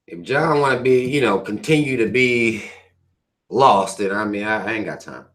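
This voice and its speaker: A man's voice: lowish voice, expressive, moderate pace, fairly bright tone. A man hosting a livestream, reading viewer comments aloud and ranting at them in a profane, preachy way, firing questions at his listeners. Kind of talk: livestream rant.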